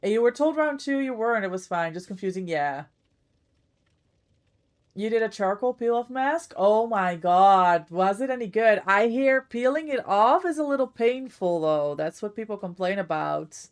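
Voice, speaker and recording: A woman's voice: mid-range voice, animated, normal speed. A woman livestreamer chatting casually with her viewers while she plays, thanking them by name as she goes.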